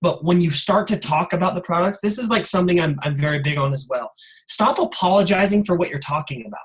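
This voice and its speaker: High-voiced, pumped-up man giving a pep talk. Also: fast, poor audio. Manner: energetic, casual, many "like" and "you guys" fillers. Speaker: guest speaker on a sales call. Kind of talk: motivational call talk.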